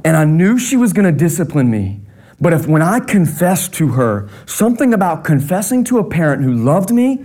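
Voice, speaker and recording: Pastor guy, kinda high voice, chatty funny sermon stories. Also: a little mellow. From North Carolina. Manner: conversational storytelling, humorous.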